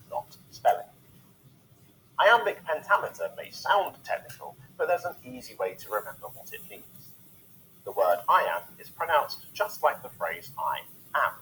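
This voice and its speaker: A man giving scripted narration for an educational video, with a measured, explanatory delivery. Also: on the high side, fairly bright tone, a little hiss or hum, rough recording.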